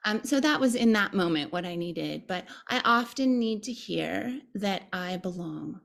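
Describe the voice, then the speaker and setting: A woman's voice: mid-range voice, expressive, measured pace, vocal fry, hardly any pauses, a bit bright. A woman meditation teacher, a guest on an interview podcast, speaking in a thoughtful, earnest way. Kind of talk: conversational interview.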